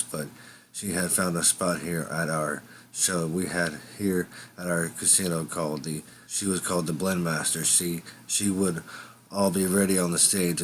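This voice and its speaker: A man's voice: sits low, fairly bright tone, a little hiss or hum. A man telling an improvised first-person story in a rambling, conversational way. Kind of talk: improvised fiction narration.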